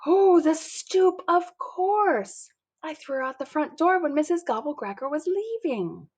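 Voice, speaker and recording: A woman voicing an excitable, imaginative little girl who panics easily, in a storybook reading. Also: measured pace. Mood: astonished. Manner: shrill, excitable.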